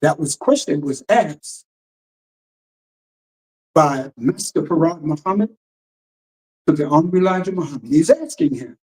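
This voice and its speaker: A man's voice: sits high, very animated, normal speed, long pauses, a little mellow, breathy edge, rough recording. Man preaching hard, swoops up and down a lot, lots of questions. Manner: emphatic preaching with rhetorical questions; reads passages aloud and explains them. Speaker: minister. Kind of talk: radio teaching sermon.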